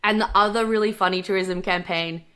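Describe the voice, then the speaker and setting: A woman's voice: medium pitch, steady tone, a little fast, sharp tone, clear, resonant tone. An Australian woman, a podcast guest, chatting casually and animatedly, with many likes and restarts and frequent laughter. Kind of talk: casual chat.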